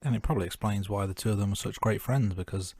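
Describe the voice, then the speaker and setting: A man's voice: fairly low pitch, fast, a little mellow, slightly rough, no echo, clean studio sound. A man co-hosting a film podcast, chatting casually and joking at his own remarks. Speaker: podcast co-host. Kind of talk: casual film-review chat.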